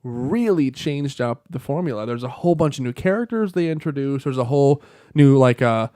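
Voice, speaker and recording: A man's voice: medium pitch, expressive, brisk, no echo. Young man ranting, dry close sound. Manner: profane, worked-up rants that rise to shouting. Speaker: podcast co-host. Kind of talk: casual chat.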